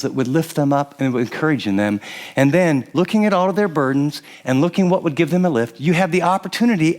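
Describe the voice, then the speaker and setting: An older male pastor with a fairly high voice, preaching in an animated, conversational way. He slips into quick little impressions of spouses talking to each other, stumbling over and restarting his phrases as he goes. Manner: animated, acts out quoted spouses, frequent restarts. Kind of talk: sermon teaching to a live audience.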